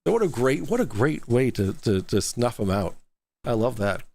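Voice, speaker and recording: Sarcastic male stream host, lively pitch. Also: moderate pace, gravelly. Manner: mocking, sarcastic, laughs often. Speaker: host reacting to a debate stream. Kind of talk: casual live-stream commentary.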